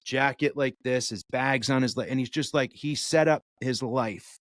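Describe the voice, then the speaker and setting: A man tells a story in a casual podcast chat, jumping into voices as he acts it out. His voice sits at an ordinary pitch, and the recording is close and dry with no room sound. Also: moderate pace, no echo. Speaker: podcast co-host.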